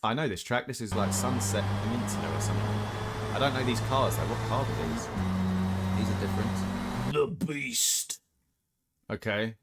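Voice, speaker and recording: A man's voice: lowish voice, moderate pace, loud music behind the voice. Blunt man ranting over racing clips. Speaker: host reacting to racing clips. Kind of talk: casual commentary.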